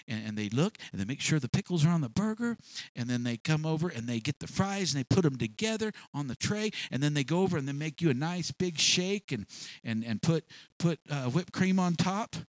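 High-voiced man preaching a storytelling sermon. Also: no echo. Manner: storytelling, acting out little scenes in varied voices.

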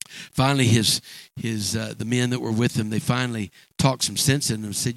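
A man preaching a sermon in a halting, emphatic way, often repeating words. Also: medium pitch, steady tone, vocal fry, no room sound, low-quality recording.

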